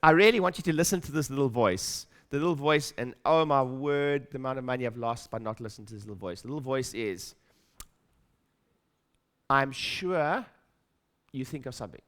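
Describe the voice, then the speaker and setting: A middle-aged man delivers a motivational talk at a practice-building seminar, his medium-pitched voice quick, clean, and a bit bright with few pauses. He repeats himself emphatically, voices his own inner doubts aloud, and quizzes the audience.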